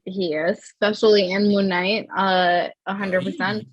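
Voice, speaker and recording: A woman chatting on a casual podcast, frank and a little hesitant, pausing on fillers. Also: mid-range voice, flat delivery, dry recording, dull audio.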